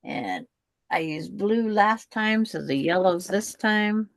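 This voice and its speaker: A woman hosting a quilting livestream, chatting casually and calmly while she works. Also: mid-range voice, dry recording. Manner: relaxed, chatty, drawn-out pace. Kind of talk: casual chat while crafting.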